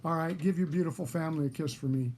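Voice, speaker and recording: A man from Texas telling a crude joke to a friend in a relaxed, casual way, swearing freely. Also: on the high side, fast, a little hiss or hum. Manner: relaxed, swearing, warm-hearted storyteller. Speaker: guest actor.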